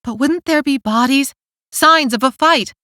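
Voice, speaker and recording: A woman's voice: high-pitched, unhurried, bright, forceful tone, dry recording, studio quality, pitched above the performer's own voice. A woman voicing an anxious, worried teenage girl who has survived a disaster. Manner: urgent, worried.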